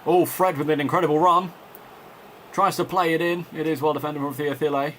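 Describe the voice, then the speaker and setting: A man's voice: fairly high pitch, fairly even intonation, a little fast, fairly bright tone, a little hiss or hum. A man doing playful mock football commentary over a video game, joking, laughing often and chatting with viewers. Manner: jokey, laughs often, breaks off to chat with viewers.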